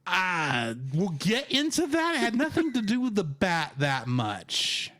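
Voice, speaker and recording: A man co-hosting a casual film review podcast, teasing his co-host in a wry, deadpan way. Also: sits high, measured pace.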